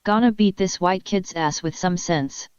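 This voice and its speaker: A woman's voice: fairly low pitch, measured pace, a little mellow, clean tone, dry recording, lightly acted. A woman voicing a hot-tempered, cocky young man making a threat, in a dull lo-fi recording. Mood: threatening.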